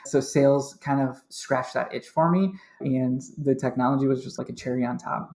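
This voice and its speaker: In a relaxed interview chat, a man who works as a sales manager talks openly as a podcast guest about changing careers, laughing readily along the way. He keeps a medium pitch and a steady tone, moving at a moderate pace with few pauses, in a reverberant space.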